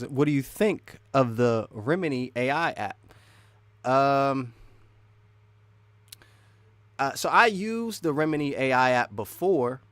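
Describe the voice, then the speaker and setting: A man's voice: mid-range voice, clear, resonant tone, no echo. A man hosting a casual live stream, rambling and restarting sentences as he chats with viewers. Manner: rambling, restarts often, laughs between thoughts.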